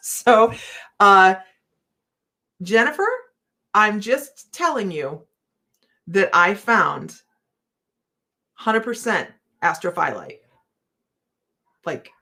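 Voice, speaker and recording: A woman's voice: fairly low pitch, sharp tone. Middle-aged woman gabbing on a live chat, jokey and self-mocking, laughs a lot. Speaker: host of a psychic live chat. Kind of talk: casual live chat with viewers.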